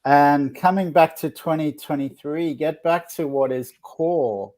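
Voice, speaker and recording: A man living in Australia, hosting a relaxed chat as a psychic, earnest and often restarting his phrases. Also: fairly high pitch, measured pace. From born outside Australia. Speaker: psychic host. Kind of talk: casual chat.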